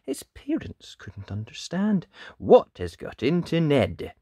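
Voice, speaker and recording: Animated slow-paced male storybook reader. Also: husky, no echo, studio quality. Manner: lively sing-song storytelling, big swoops in pitch. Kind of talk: read-aloud picture book in rhyme.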